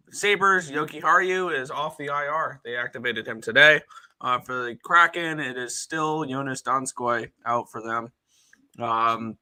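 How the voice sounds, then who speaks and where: A man's voice: medium pitch, pushed and bright, low-quality recording. A man giving sports betting analysis as a guest on a video call. He is matter-of-fact and rattles off player names.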